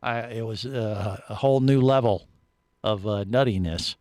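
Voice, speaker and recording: Man, radio host, casual studio banter, animated storyteller, dry close sound. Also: fairly low pitch, moderate pace, no echo. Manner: animated storyteller, many restarts.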